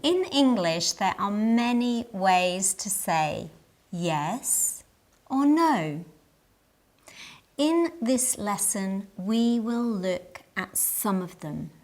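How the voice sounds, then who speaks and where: A woman teaching an English lesson, speaking at an extremely slow, careful pace. Her voice sits at an ordinary pitch, and every word is clear and deliberate, as in a scripted lesson. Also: expressive.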